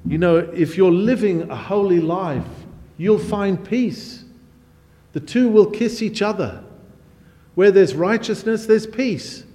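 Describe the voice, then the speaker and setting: A man preaching a sermon, emphatic, with his voice swelling louder and higher on key phrases. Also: takes it slowly. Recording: long hall reverb.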